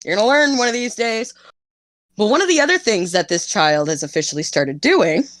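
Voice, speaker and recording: A young woman chatting as a podcast guest, telling stories in an animated way, laughing often and swearing freely. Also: mid-range voice, a little fast, no echo. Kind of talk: casual interview chat.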